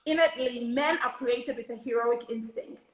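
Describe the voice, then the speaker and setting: High, bright-voiced woman in an echoey room. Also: moderate pace. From Zambia. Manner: earnest, explains with conviction. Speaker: co-host and minister. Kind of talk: casual live-stream talk.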